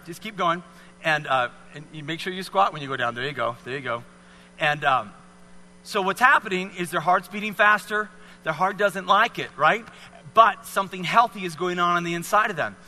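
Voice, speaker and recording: A man coaching volunteers through exercises in front of a crowd, pushing them on with short, repeated cues. His voice sits a bit high and very bright. The sound carries a hall's long reverb with a faint hum underneath. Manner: encouraging, coaxing, repetitive cues. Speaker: speaker leading a fitness demonstration. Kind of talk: live talk to an audience with volunteers.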